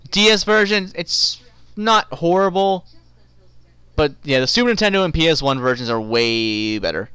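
Lively, sarcastic male game commentator. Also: a little high, smooth, no echo. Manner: joking, sarcastic, talks back to the game. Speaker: let's play host. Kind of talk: gameplay commentary.

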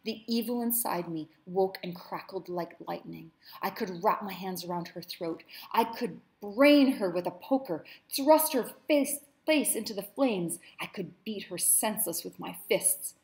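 A woman teacher reading a novel aloud with commentary, measured and expressive. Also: mid-range voice.

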